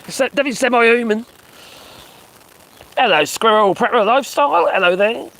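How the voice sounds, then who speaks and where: A man's voice: very high voice, expressive, brisk, vocal fry, a bit bright, poor audio. A man doing casual live-stream commentary on his phone, mocking and sarcastic, swearing and chuckling as he reacts.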